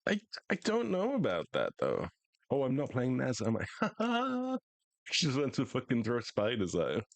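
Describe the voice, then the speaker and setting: A man's voice: medium pitch, wildly swooping pitch, moderate pace, creaky, dry recording. A young American man streaming a game, chatting casually in profane, joking banter. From United States. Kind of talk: casual live gaming chat.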